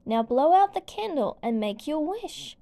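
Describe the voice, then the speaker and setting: Excitable, zany hatter from a woman reader. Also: high-pitched, unhurried, pitched above the performer's own voice, exaggerated voice. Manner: excitable, exclaiming. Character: zany, excitable male hatter at a tea party. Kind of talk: storybook reading.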